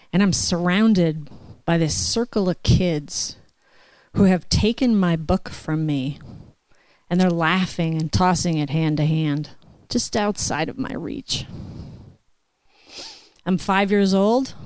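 Woman storyteller at a live show, measured and vivid, crisp voice. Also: on the low side, darkish tone, no room sound. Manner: slow, deliberate, vivid.

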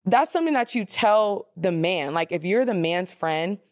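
A woman hosting a casual advice podcast, animated and sassy, reading listener questions and acting out the voices she quotes. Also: fairly low pitch, normal speed, dry recording, clean studio sound.

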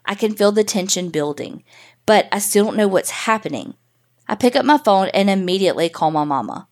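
A woman podcast host reading a first-person paranormal story in a casual, profane, animated way. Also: medium pitch, fairly quick.

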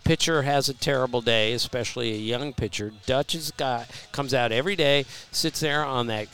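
A man in his sixties, a baseball journalist telling anecdotes as a podcast guest, animated and lively when he quotes people. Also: mid-range voice, moderate pace, faint music behind. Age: 60s. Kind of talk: storytelling podcast interview.

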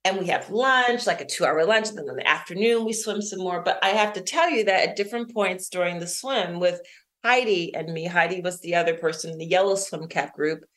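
A middle-aged woman, an interview guest and author, telling a personal story in conversation, lively and quick to laugh. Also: on the low side.

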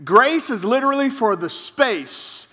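Male pastor, high bright voice, animated storyteller, sermon in a reverberant hall. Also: unhurried. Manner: animated storytelling, acts out quotes with big pitch jumps and laughs.

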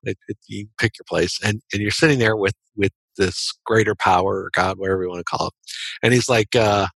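A man's voice: low voice, fairly even intonation, fast talker, gravelly, fairly bright tone, breathy edge, no echo. A middle-aged man, a guest author and business coach, telling a story in a casual interview in an earnest way, with frequent restarts and small laughs.

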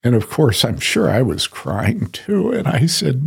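Gravelly, animated male pastor. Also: mid-range voice, a little slow, faint music behind. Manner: emphatic, rhetorical questions. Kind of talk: earnest storytelling from pastoral experience.

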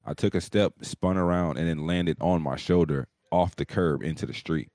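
A man's voice: low-pitched, normal speed, dark tone, dry recording, studio quality. A man telling a rambling, profane injury story in casual chat with friends on a live show.

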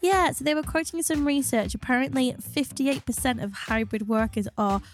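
A woman, a business psychologist co-hosting a podcast, upbeat and quick to laugh, sounding stuffed up from a cold. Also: high voice, soft background music.

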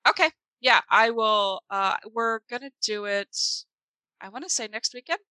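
A woman's voice: fairly high pitch, expressive, moderate pace, bright, forceful tone, dry recording, poor audio. A woman, an author and podcast co-host, chatting casually and laughing often.

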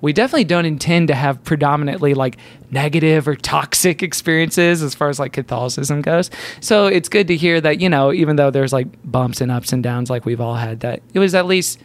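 A man's voice: a little high, a little fast. A man co-hosting a podcast in casual chat, playful and rambling, with lots of fillers. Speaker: podcast co-host.

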